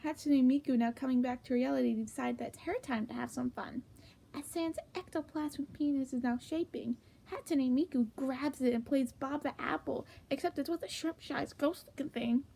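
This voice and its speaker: A woman reading comedic fanfic aloud in a hushed, half-whispered voice with sudden jumps in pitch. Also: normal speed, gravelly, breathy edge. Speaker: fanfic reader.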